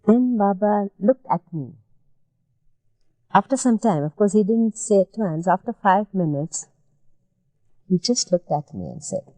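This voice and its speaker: Slow, mellow-voiced woman recalling memories. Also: mid-range voice, expressive, no room sound, rough recording. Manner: gentle, measured storytelling with repeated phrases. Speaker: interviewee. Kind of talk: oral history reminiscence.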